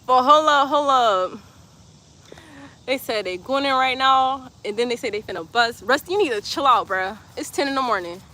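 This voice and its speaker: Woman, yoga instructor, playful and chatty, bright tone, faint traffic outdoors. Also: a little high. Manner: playful, chatty, laughs often, breathy cues. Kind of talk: live-streamed yoga class, reading comments.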